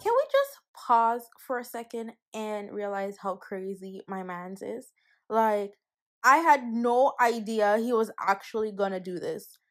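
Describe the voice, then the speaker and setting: A woman's voice: medium pitch, lively intonation, a little slow, fairly bright tone. Give me a woman speaking to camera with incredulous commentary. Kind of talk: talking to camera.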